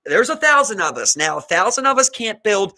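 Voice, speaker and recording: A man's voice: sits high, brisk. A man from Baltimore with a local accent, co-hosting a podcast in rambling casual chat, saying "bro" a lot and swearing. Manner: animated, says "bro" often, swears, rambling. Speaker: podcast co-host.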